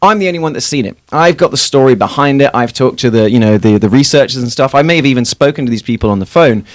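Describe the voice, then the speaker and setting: Guy from england with a half-american accent, talks super fast, lively stories, dry studio sound. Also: mid-range voice, no echo. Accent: English mixed with American. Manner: lively storyteller, quick animated talk. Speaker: TV show host, guest. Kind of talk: radio interview. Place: radio studio. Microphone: studio microphone.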